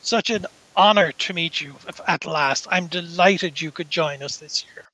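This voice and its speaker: A man's voice: a little high, moderate pace, bright, forceful tone, poor audio. A man voicing a gushing, self-important female scientist who plays hostess and then brushes guests off. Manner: effusive, then brushes people off.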